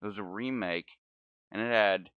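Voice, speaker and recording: A man's voice: fairly low pitch, normal speed, clean tone, no room sound, narrow, tinny audio. A man in his forties telling a meandering story while gaming, often correcting himself and laughing. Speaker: gaming channel host.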